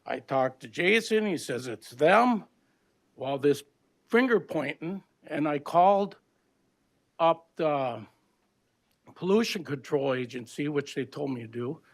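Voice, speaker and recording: An older man from Minnesota giving an aggrieved, blunt public comment at a county board meeting, plain-spoken with rough grammar. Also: a little high, animated, unhurried, pauses often. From Minnesota, USA.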